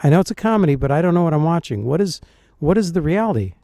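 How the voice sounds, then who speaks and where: A middle-aged dialect coach reacting to film clips, thinking aloud with hesitant asides. His voice sits a touch high and mellow. The sound is dry and close. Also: big pitch swings, very fast, no echo. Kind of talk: video reaction commentary.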